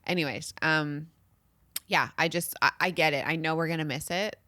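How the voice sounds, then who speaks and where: A woman's voice: low-pitched, normal speed, bright, forceful tone, no echo. A woman in her thirties co-hosting a casual podcast, candidly venting about parenting and swearing freely. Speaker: podcast co-host. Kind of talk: casual chat.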